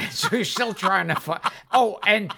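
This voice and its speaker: Gravelly high-pitched man, slow and rambling. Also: sharp tone. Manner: rambling, self-deprecating storyteller. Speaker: podcast co-host. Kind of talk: casual chat.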